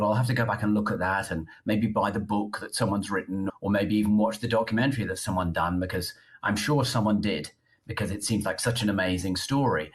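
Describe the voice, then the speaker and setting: Chatty British man, low voice. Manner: chatty, animated storytelling. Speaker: author and journalist. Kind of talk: interview conversation.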